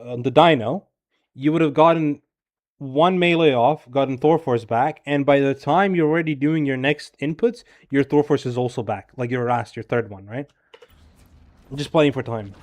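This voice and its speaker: A man reviewing a player's gameplay as a coach, talking casually and criticizing bluntly and profanely, with lots of "bro" and "right?". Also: medium pitch. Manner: filler-heavy rapid talk with frequent "bro" and "right?". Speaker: game coach.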